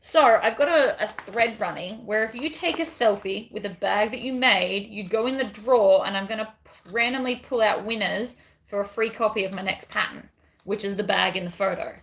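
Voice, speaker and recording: A woman's voice: medium pitch, moderate pace, creaky, a little hiss or hum. A woman chatting casually while she sews a bag on a livestream, reading viewer comments and rambling between steps. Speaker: bag pattern designer. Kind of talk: casual livestream crafting chat.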